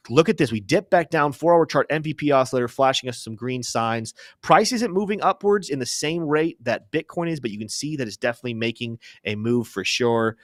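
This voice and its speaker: A man's voice: medium pitch, dry recording. A young man talks through charts on a live crypto stream in a loose, chatty way. He keeps cracking jokes at his own expense. His voice sits in the middle range, and the recording is dry with no room sound. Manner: chatty, joking, self-deprecating asides. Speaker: crypto show host. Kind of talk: casual live-stream market commentary.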